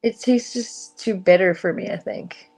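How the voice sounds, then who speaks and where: A woman's voice: mid-range voice, a little slow, creaky, a little mellow. A young woman chatting casually on a live stream panel from home, stoned, rambling and laughing often as her sentences trail off. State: stoned and giggly. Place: home room.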